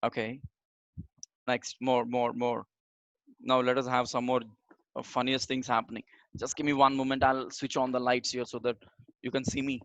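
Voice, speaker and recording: A man teaching a live online communication class in an energetic, motivational way, talking straight to his audience and repeating phrases for emphasis. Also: medium pitch, moderate pace, pauses often, no room sound. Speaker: communication trainer.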